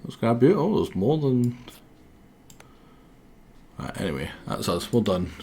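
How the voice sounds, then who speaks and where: Streamer with a sore throat. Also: male voice, mid-range voice, big pitch swings, measured pace, creaky, mellow, slight background noise. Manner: rambling, self-mocking, stumbles over words. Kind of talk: casual game commentary.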